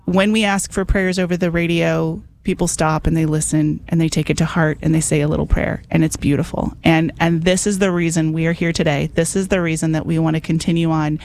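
Woman hosting a radio call-in show, chatty and warm, keeps urging listeners to phone in. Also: deep voice, little pitch movement, a little fast, few pauses. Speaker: radio host. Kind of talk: casual radio talk.

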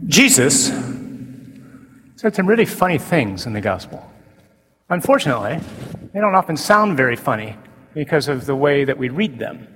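A man, a Catholic priest preaching a sermon to a men's conference, animated, swinging from loud emphasis to slow, quiet declarations. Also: on the high side, slightly rough. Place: large conference hall. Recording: reverberant conference hall.

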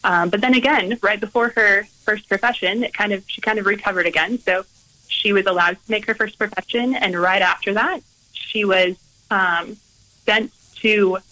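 A woman who is a Carmelite nun, telling a story in an interview in a gentle, earnest way with frequent pauses. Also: mid-range voice, low-quality recording. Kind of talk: reflective storytelling in conversation.

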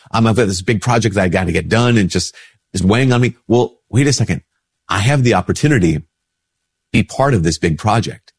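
Here a Catholic priest with a husky voice shares a relaxed spoken reflection despite being slightly ill with a blocked nose. His manner is conversational, and quoted replies come out in a higher, lifted voice. It's a dry, clean studio recording.

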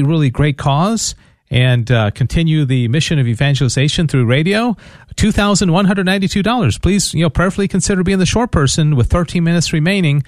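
Halting man pleading for radio pledges. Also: a little high, a little mellow, dry recording. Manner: halting, repeats words, earnest pleading. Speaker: radio fundraiser co-host. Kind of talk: radio pledge drive chat.

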